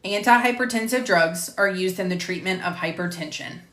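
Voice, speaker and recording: A woman instructor reading lecture material on drugs at a measured pace, stopping to correct herself and chat. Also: fairly low pitch, fairly bright tone, roomy sound. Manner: measured, careful reading of drug terms, self-correcting. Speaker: medical coding instructor. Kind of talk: recording lecture narration, with casual asides. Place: home room with door closed.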